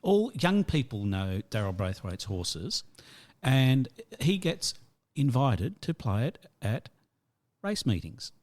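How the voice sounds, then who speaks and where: A man's voice: medium pitch, big pitch swings, slow pace, darkish tone. A man co-hosting a music podcast, chatty and joking, teasing his partner. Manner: jokey and chatty, teasing banter. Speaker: podcast co-host. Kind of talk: casual music podcast chat.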